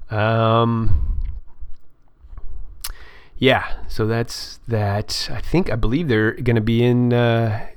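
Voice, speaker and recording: A middle-aged man hosting a casual political talk show, rambling and halting with many fillers and restarts, his throat dry. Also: mid-range voice, level tone, clean tone, no room sound. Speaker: podcast host.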